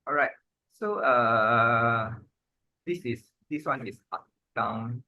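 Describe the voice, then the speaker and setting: A man, teaching Pali grammar in an informal lesson, halting and repeating himself, with many "ah" and "lah" fillers. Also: medium pitch, dry recording, muffled recording.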